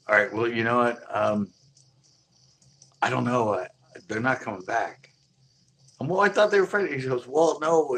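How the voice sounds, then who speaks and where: A man's voice: mid-range voice, a bit bright, a little hiss or hum. A man telling a casual story in laid-back slang, animatedly acting out both sides of the conversation. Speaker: boutique owner telling a story.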